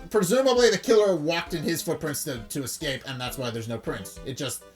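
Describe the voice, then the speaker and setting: A woman's voice: sits low, a bit bright. A woman hosting a game playthrough, musing and thinking aloud with frequent restarts. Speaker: let's play host. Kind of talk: game commentary.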